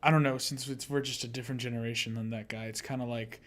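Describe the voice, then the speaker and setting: A man's voice: mid-range voice, steady tone, quick pace, a bit bright. A young man co-hosting a casual podcast, laid-back, laughing often and trailing off with fillers. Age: young adult. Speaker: podcast co-host. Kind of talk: casual chat.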